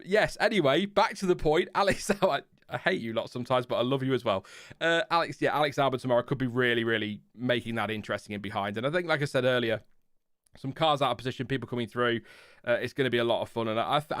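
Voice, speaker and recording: A man's voice: medium pitch, fairly bright tone, clear, resonant tone, no echo, studio quality. A man with a Lincolnshire accent hosting a casual live F1 chat stream, rambling and restarting his sentences, chuckling at his own tangents. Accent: Lincolnshire English. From Lincolnshire, England. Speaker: F1 channel host.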